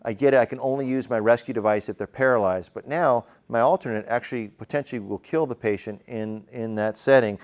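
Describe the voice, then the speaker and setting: Male emergency medicine teacher, smooth tone, chatty classroom lecture full of fillers. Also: medium pitch, fairly quick, hardly any pauses. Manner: conversational, questions the class, frequent fillers.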